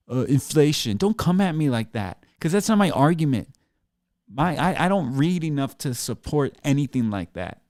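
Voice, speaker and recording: A medium-pitched, slightly mellow male voice, recorded dry. He's a podcast host giving a ranting monologue, sarcastic and full of swearing, aimed at his listeners through a desk mic at his computer in a small studio.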